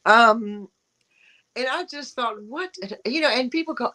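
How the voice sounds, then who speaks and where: A woman co-hosting a casual chat show, talking in an animated, rambling way with frequent restarts. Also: a little high, a little slow, rough recording. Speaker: co-host.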